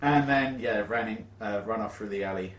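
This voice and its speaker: A man's voice: on the low side, moderate pace, echoey room, slight background noise. A man playing a tabletop game, rambling and laughing as he recaps. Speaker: player. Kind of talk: casual chat.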